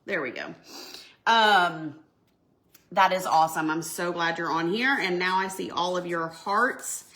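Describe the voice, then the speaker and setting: Bright-voiced emotional woman chatting. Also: on the low side, lively intonation, unhurried. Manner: emotional, effusive, reads out viewer comments. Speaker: home goods brand owner hosting a live stream. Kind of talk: casual live stream chat while signing.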